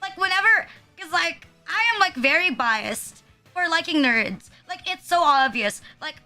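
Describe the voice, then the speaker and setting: A woman's voice: very high-pitched, animated, measured pace, sharp tone. A young woman, ranting casually as a streamer, filling her talk with "like" and swearing. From Philippines. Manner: ranting, heavy use of "like", profane. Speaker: VTuber streamer. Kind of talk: casual chat. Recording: music playing behind.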